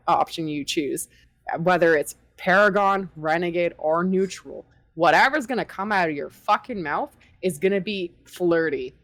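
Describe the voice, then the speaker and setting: A woman co-hosting a casual gaming podcast, telling stories in an animated, profane way and acting out quoted lines. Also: lowish voice, no room sound. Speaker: podcast co-host.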